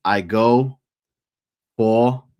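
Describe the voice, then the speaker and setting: A man's voice: medium pitch, drawn-out words, darkish tone, smooth, dry recording. A man telling a laid-back, profane story as a podcast co-host. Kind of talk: casual chat.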